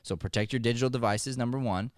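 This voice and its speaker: A man hosting a podcast as an acting coach, giving motivational advice in an energetic, joking, conversational way. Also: mid-range voice, quick pace, dry recording, studio quality.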